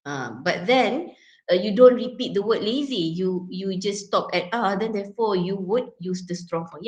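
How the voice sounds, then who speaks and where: A woman's voice: medium pitch, moderate pace. A young woman with a Malaysian accent teaching English pronunciation in a lecture, mixing in Malay words and often checking in with "yeah?" and "okay". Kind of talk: classroom lecture.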